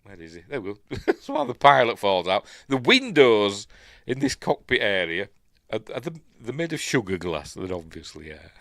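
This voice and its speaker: A man's voice: on the low side, wildly swooping pitch, normal speed, a bit bright, no echo, clean studio sound. A middle-aged man with a Yorkshire accent chatting casually through a film review, rambling with lots of fillers and chuckles. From Yorkshire, England.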